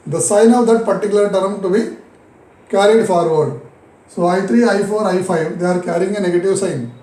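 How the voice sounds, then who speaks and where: A man with an Indian English accent teaching a physics lesson, repeating key phrases slowly and answering his own questions. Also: high-pitched, mellow, roomy sound, rough recording. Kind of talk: recorded classroom lesson.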